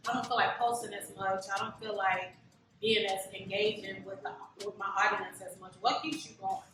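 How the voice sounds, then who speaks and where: A woman's voice: medium pitch, fairly even intonation, normal speed, heavy reverb, far from the mic, music in the background, poor audio. A woman hosting a podcast interview, enthusiastic and affirming as she talks with her guest. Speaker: podcast host. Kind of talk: casual interview conversation.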